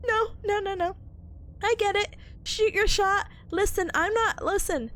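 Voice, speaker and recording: A woman's voice: very high voice, unhurried, a bit bright. A young woman streamer chatting casually with her viewers while sick, giggling often. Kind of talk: casual live-stream chat.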